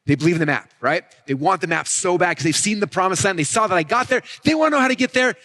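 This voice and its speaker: A man explains his marketing method in an energetic stage talk, regularly asking the audience "right?" and "okay?" He speaks quickly in a high voice.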